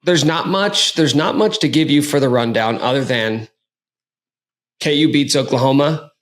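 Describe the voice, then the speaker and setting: A man hosting a casual sports podcast, talking in an energetic, joking way. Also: on the high side, moderate pace. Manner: energetic, hyped, jokey. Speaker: podcast host.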